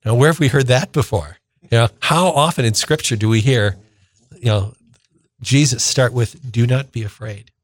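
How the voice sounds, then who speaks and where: A deacon in his sixties from northern Minnesota tells a personal story on the radio, moderately paced, warm and conversational, at an ordinary middle pitch. He brings the retelling to life by acting out what people said, and the studio sound is close and dry with no room echo.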